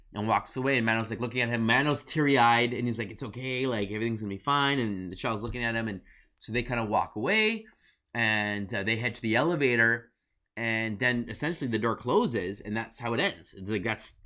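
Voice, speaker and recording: A man talking casually on a review podcast with plenty of energy. He retells scenes eagerly, slips into quoted lines, and fills gaps with "like" and "um." His voice sits at an ordinary middle pitch. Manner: excited, retells scenes with acted-out quotes and many fillers. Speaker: podcast co-host.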